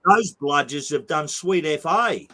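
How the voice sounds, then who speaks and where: An older man with a broad Australian accent, speaking as an outspoken interview guest. His voice sits a little high for a man, and he talks bluntly and emphatically, swearing often. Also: lively intonation, measured pace, sharp tone. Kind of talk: heated interview talk.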